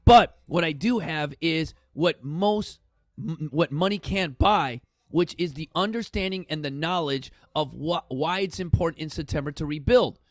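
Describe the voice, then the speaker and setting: A man's voice: a little high, unhurried, no room sound. A man hosting a fitness talk show, speaking casually and bluntly to viewers and swearing now and then for emphasis. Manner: blunt and chatty, swears for emphasis, addresses viewers as "you guys". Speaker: fitness studio founder and show host. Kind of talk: casual motivational talk to camera. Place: fitness studio.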